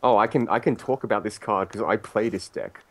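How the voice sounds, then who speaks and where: A man with a very low voice talks through trading cards on a casual podcast. He is analytical and reads out card text point by point. The sound of keyboard typing is faint behind him. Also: brisk, noisy background. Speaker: card game reviewer.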